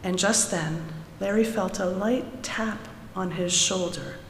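A woman reading a children's story aloud in an animated way at a service, then drawing a lesson from it for the congregation. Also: medium pitch, slow pace, slight background noise. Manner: animated storytelling, lively voices for characters. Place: large sanctuary. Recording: echoey hall, from a room mic.

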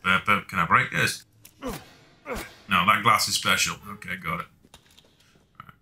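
A man's voice: low-pitched, sing-song, measured pace, sharp tone, a little hiss or hum. A man casually talking to himself while playing a video game, joking and swearing freely. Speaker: gaming video host. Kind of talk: let's play commentary.

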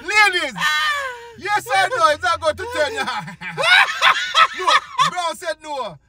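A man's voice: big pitch swings, measured pace, full character voice. Man putting on a squealing old uncle, bossy and mocking, wild swoops, noisy recording, comedy bit. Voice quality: shrill, cackling, squealing laugh. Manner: bossy, mocking, shouts and sing-song. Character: loud teasing older Jamaican uncle. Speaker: host. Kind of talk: improvised comedy character chat.

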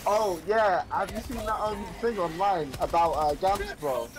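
A young man with a high-sitting voice speaks at a measured pace while playing a game with a friend, the co-player trading playful, joking banter full of ums and likes. It's casual gaming chat, recorded with poor audio and crowd noise in the background.

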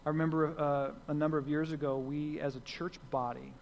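A man's voice: fairly high pitch, little pitch movement, brisk, vocal fry, slight background noise. A man preaching a sermon as pastor, earnest and repeating key phrases for emphasis. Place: church sanctuary. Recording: long hall reverb.

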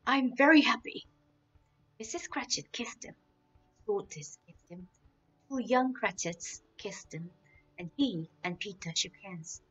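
A woman's voice: mid-range voice, lively intonation, a little slow, husky. A woman reading a storybook aloud in an earnest, careful way. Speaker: reader. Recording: dull lo-fi, new-age music behind.

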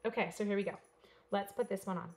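A woman's voice: medium pitch, steady tone, fast talker, a little mellow. A woman from Canada who chats playfully with viewers while she demonstrates a paper craft project step by step. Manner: chatty, playful, talks straight to viewers. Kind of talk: live crafting demo chat.

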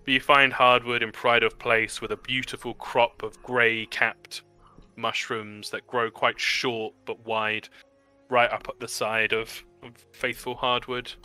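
A man narrating as game master for a tabletop role-play game, describing scenes in a warm, descriptive manner and laughing easily. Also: mid-range voice, little pitch movement, unhurried, clean tone, soft background music.

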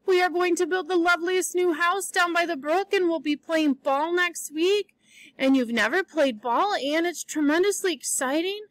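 Pleading storybook girl as a woman reader voices her, high and bright, dry close sound. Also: moderate pace, no echo, rough recording. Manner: coaxing, pleading. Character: pleading young girl Diana, tearful friend.

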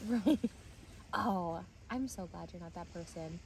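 A woman's voice: on the low side, a little slow, vocal fry, rough recording. A woman from California chatting casually over dinner outdoors, laughing often and putting on playful voices. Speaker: vlogger. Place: outdoors on a beach at night. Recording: loud outdoor noise. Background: loud outdoor noise.

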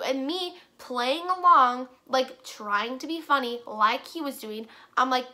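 A woman's voice: high-pitched, normal speed, pushed and bright. A teenage girl telling a story to her camera, chatty and full of fillers, acting out what others said. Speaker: vlogger. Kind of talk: casual storytime.

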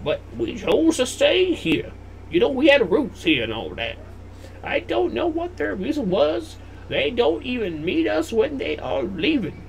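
A man voicing an old grandmother reading her own folksy notes aloud in a put-on high voice. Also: huge pitch swings, a little slow, gravelly, slight background noise, exaggerated voice.

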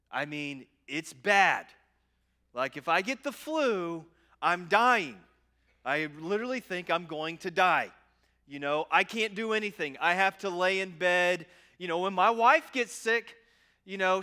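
A man in his forties delivers a sermon in a conversational style, with a sharp, bright tone. He jokes at his own expense and often circles back, repeating half-finished phrases before landing the point. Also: sits high. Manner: self-deprecating humor. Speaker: pastor.

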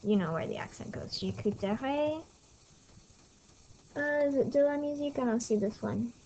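A woman's voice: fairly high pitch, animated, fast talker, dark tone, dull audio. A woman teaching French to her class in a casual, chatty recorded lesson, with small apologetic asides, on scratchy audio from a tablet mic at home. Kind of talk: recorded lesson over slides.

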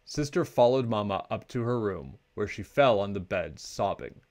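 A man with a low voice reads a children's picture book aloud. His delivery is lively, with plenty of rise and fall in pitch, and it carries a clear storytelling rhythm. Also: normal speed. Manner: expressive, storytelling.

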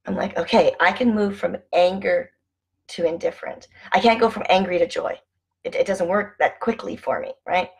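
Husky low-ish woman, chatty motivational talk from home, blunt and a bit sweary. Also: poor audio. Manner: frank, chatty, swears casually, sings along. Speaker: host.

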